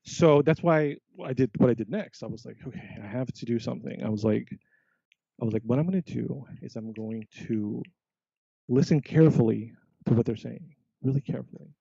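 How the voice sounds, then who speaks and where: A man, a podcast guest, telling a story in casual chat, animated and quoting himself often. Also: medium pitch, brisk, gravelly, husky, dry recording. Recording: dull lo-fi sound.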